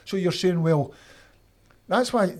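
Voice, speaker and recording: A Scottish man, a former footballer, telling animated stories from his playing days in an interview, acting out his old coaches. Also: high-pitched, slow pace. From Scotland. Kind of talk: storytelling interview.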